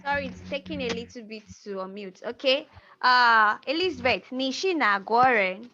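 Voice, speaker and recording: A woman's voice: a little high, expressive, moderate pace, pushed and bright, slight background noise. A woman teaching a language class over a video call, patiently repeating words and prompting her students. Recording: muffled video call audio.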